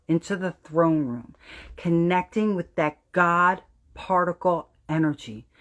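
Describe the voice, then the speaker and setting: This New Jersey-accented woman hosts a spiritual astrology livestream, addressing viewers in an emphatic, preachy way. Cursing comes easily to her, and for emphasis she sinks into a low, intent tone.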